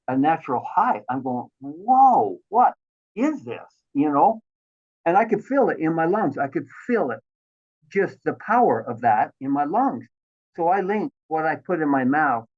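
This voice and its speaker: A man in his sixties telling his life story as an interview guest, animated and acting out the voices of the people he quotes. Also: fairly high pitch, moderate pace. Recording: thin phone-like line.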